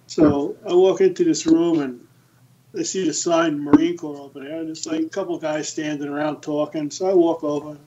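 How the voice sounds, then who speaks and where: A man in his sixties, a podcast guest, telling lively anecdotes in a casual storytelling style. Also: fairly high pitch, moderate pace, dull audio, slight background noise. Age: 60s. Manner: lively anecdotes, acts out the quoted voices.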